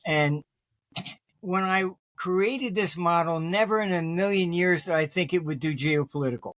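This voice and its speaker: Throat-clearing man telling rambling stories. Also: high voice, normal speed, a bit bright, no echo. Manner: rambling storyteller, often clears his throat; restarts sentences, many fillers. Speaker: interview guest, market forecaster. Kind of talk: anecdotal conversational interview.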